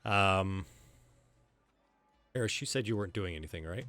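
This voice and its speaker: Bright-voiced male game master. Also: deep voice, lively intonation, normal speed, dry recording, soft background music. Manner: easygoing, many fillers and restarts. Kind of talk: narrating a tabletop game.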